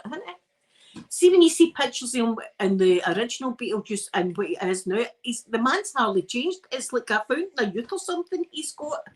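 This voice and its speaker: A woman's voice: fairly high pitch, rough recording. A tired Scottish woman chatting casually while ironing on a livestream, rambling and self-mocking between yawns. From Scotland. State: tired and yawning. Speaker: ASMR livestream host.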